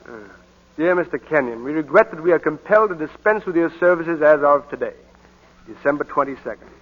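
An actor playing a busy advertising man and distracted husband in a 1940s radio drama, talking in brisk, offhand bursts. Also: fairly high pitch, lively intonation. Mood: fond. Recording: dull old radio broadcast.

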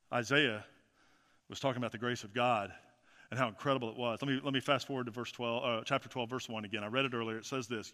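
A man preaching a sermon as pastor, emphatic and repetitive, swinging from loud to quiet. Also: mid-range voice. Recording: reverberant hall.

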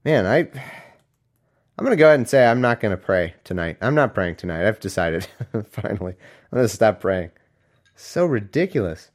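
Young guy riffing sarcastic on bible verses, voice jumping all over, loud then mumbly. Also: lowish voice, moderate pace, long pauses. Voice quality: animated, mocking, swings from loud to mumbled asides. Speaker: solo podcaster reading scripture. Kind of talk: casual sarcastic commentary.

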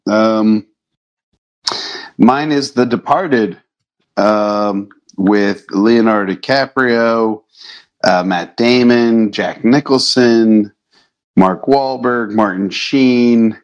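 A man in casual movie chat as a podcast co-host, listing things in a measured way with ums. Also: lowish voice, dull audio.

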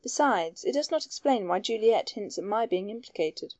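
Woman doing a defensive young gentleman, impatient, mellow voice, dry recording. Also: mid-range voice, animated, moderate pace, no echo, natural voice.

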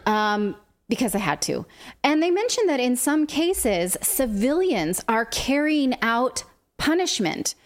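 A woman's voice: a little high, sing-song, takes it slowly. A woman co-hosting a political commentary show, reading from a report with a sarcastic edge. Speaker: co-host.

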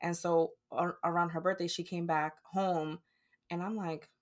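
A woman's voice: fairly low pitch, flat delivery, moderate pace. A woman speaking candidly and emotionally as a podcast guest, swearing freely in casual conversation.

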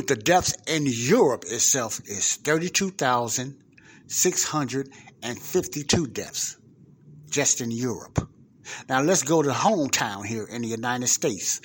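A man's voice: mid-range voice, expressive, a little slow, slight background noise. A man hosting a podcast, giving emphatic commentary and putting questions straight to the listener. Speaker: podcast host. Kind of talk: casual commentary on a played clip.

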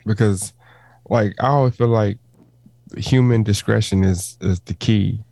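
A laid-back man chatting on a podcast, rambling and slangy. His voice is lowish and mellow. The sound is dry and close. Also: unhurried, creaky, no echo, poor audio. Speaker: podcast co-host. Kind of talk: casual chat.

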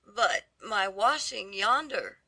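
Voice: medium pitch, slow, vocal fry, pushed and bright, dry recording, pitched above the performer's own voice, full character voice. A reader voicing a poor, exhausted washerwoman who speaks in trembling, pleading tones in a storybook reading. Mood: faint, pleading. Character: worn-out poor washerwoman, grieving mother.

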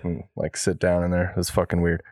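Low, dry-sounding male podcast co-host, a profane and lively storyteller. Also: brisk, dry recording. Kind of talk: casual chat. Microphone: studio mic.

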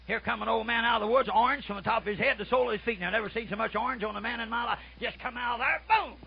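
An older man preaching a folksy sermon, dropping to soft murmurs and then shouting out his stories. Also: very high-pitched, very fast, vocal fry, breathy edge. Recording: muffled lo-fi recording.

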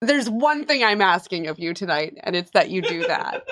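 A woman's voice: on the low side, expressive, normal speed, heavy background noise. A woman playing in a tabletop game, reacting expressively with groans and laughter. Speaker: player. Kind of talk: casual tabletop game chat.

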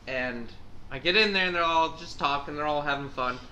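A man co-hosting a casual podcast chat, an animated storyteller who acts out voices. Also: fairly high pitch, brisk. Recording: echoey room, faint hum.

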